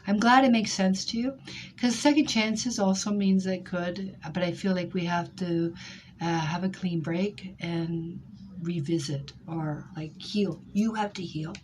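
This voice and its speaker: A woman's voice: on the low side, fairly even intonation, measured pace, darkish tone, slight background noise, low-quality recording. A woman giving a live tarot reading to her viewers, emotional and rambling as she talks through each card and calls people by name. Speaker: tarot reader.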